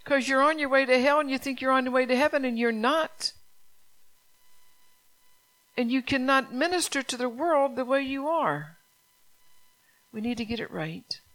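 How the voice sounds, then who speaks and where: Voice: sits high, moderate pace, pauses often, fairly bright tone. A pastor preaching a stern, urgent sermon, repeating phrases and firing rhetorical questions at the congregation.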